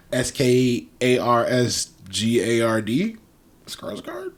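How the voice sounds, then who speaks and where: A man's voice: medium pitch, slow. A man co-hosting a podcast in casual chat, rambling with many restarts and now and then a swear word. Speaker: podcast co-host.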